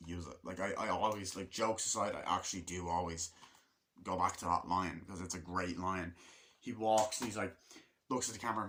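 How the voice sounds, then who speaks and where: A man's voice: fairly low pitch, fairly bright tone. A man giving a casual movie review, rambling through scenes, swearing a lot and acting out moments as he goes.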